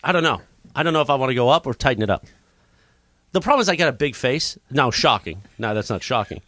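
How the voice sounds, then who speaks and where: A man's voice: mid-range voice, fast, no room sound. A male radio host joking around in casual studio chat. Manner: excitable, joking, animated.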